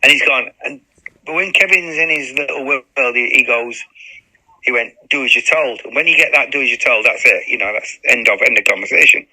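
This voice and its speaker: A man in his fifties, a former footballer and interview guest, telling a story in lively chat, acting out quotes and swearing freely. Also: mid-range voice, low-quality recording.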